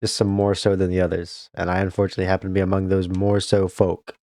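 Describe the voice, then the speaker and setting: A man voicing a spiteful old male ghost who built a maze, talking in a gruff, mocking way. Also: sits low, level tone, fast, dark tone, no echo, clean studio sound. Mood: sneering. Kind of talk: game character voice.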